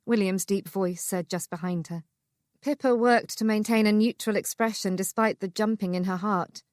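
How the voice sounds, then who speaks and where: A woman narrating a historical romance audiobook in a measured, even storytelling manner. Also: mid-range voice, dry recording, studio quality.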